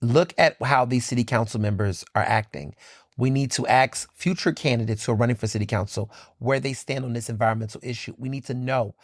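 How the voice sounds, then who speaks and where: A Philadelphia man hosts his own podcast, delivering fired-up solo commentary full of emphatic repetition, swearing and constant "like" fillers. His medium-pitched voice moves fairly quickly, recorded dry with clean studio sound.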